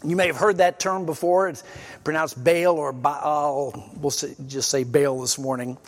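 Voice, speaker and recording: A man's voice: on the high side, flat delivery, moderate pace, in a large hall. A man preaching a sermon, explaining scripture in an earnest teaching manner and reading passages aloud with emphasis. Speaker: pastor.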